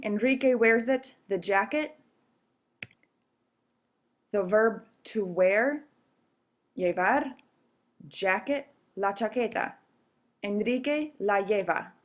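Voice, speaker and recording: A woman teacher explaining grammar rules step by step in a recorded video lesson, patient and checking in with "okay?" often. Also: mid-range voice. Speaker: Spanish teacher.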